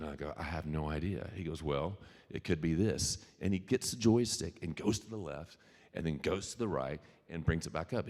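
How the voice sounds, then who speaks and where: A middle-aged man, a musician, telling an animated story to a live audience, stammering on restarts. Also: low-pitched. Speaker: featured speaker and musician. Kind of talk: storytelling keynote talk. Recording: reverberant hall.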